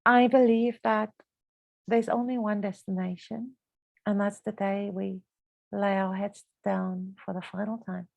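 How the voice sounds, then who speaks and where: A woman's voice: medium pitch, flat delivery, measured pace, vocal fry, no room sound, highs cut off. A woman hosting a podcast, talking in an earnest, reflective and motivational way. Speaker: podcast host. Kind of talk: casual conversational podcast talk.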